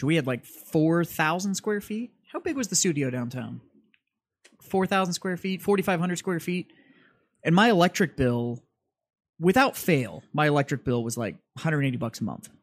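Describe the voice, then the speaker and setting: Podcast co-host, man, a bit high pitched, lays out stories with plenty of swearing, dry sound. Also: dry recording. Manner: profane, explanatory storytelling. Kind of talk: casual chat.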